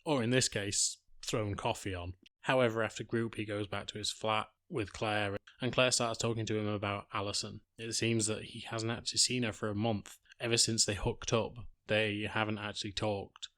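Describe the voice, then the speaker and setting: Male podcast host, low and even, dry mic, casual blunt retelling. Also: normal speed, hardly any pauses, dry recording. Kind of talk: TV recap podcast.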